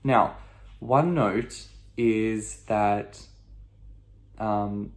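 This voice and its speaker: A man teaching a video lesson, patient, saying "okay?" again and again and loudly stressing tones. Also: lowish voice, very slow. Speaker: language teacher.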